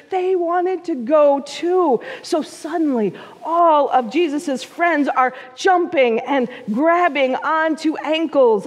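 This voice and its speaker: A woman pastor telling a story in a sermon, slow and expressive, putting on small voices for the quoted figures. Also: sits high. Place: church sanctuary. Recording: long church reverb.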